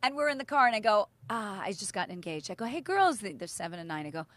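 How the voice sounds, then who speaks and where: A woman's voice: mid-range voice, animated, fast, a bit bright, dry recording. A middle-aged woman, co-hosting a casual podcast chat and telling stories, acting out quotes and swearing freely. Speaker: podcast co-host.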